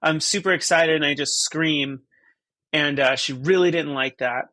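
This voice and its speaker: Bright-voiced man rambling casually. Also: a little high, normal speed, no room sound. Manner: rambling, stop-start, self-deprecating. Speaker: podcast guest, musician. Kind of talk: casual conversation.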